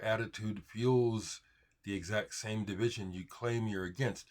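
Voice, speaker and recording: A man's voice: lowish voice, fairly even intonation, unhurried, a little mellow. A man from the United States hosting his own video, talking straight to camera in an emphatic, frustrated way and often stopping to restart his sentences. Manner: heated, emphatic, frustrated ranting with repeated restarts. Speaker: video host answering viewer comments. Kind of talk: unscripted monologue to camera.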